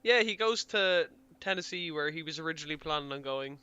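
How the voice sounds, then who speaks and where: Brief: male co-host, dry quips, high bright voice, crisp and clear. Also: lively intonation, brisk, no room sound, lo-fi sound. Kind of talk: casual podcast chat.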